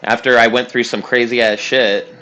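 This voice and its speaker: A man's voice: medium pitch, little pitch movement, normal speed, sharp tone, dull audio, soft background music. Rambling, foul-mouthed young man. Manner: rambling, profane, laughing, with many fillers. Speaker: streamer. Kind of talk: casual storytelling while gaming.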